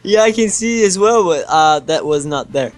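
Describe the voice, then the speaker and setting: A man's voice: high voice, lively intonation, normal speed, soft background music. A young man as co-player in a casual gaming chat, playful, giggly and protesting.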